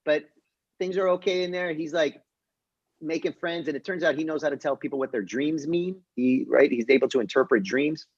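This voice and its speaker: Lively young rabbi teaching on a call. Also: male voice, fairly high pitch, brisk, breathy edge, lo-fi sound. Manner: lively, jokey retelling with voiced characters. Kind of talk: casual online class teaching. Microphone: video call.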